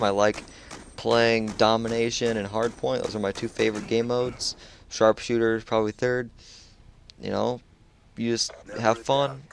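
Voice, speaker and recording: A man's voice: lowish voice, gravelly, a little hiss or hum. A man chatting casually over his own gameplay, laid-back and loose, full of dude and like. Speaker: gamer sharing a match.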